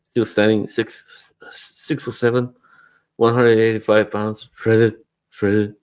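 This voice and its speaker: A man's voice: lowish voice, little pitch movement, takes it slowly, a little mellow, clean tone, pitched above the performer's own voice. A man doing an impression of a boastful older male politician, bragging and self-satisfied.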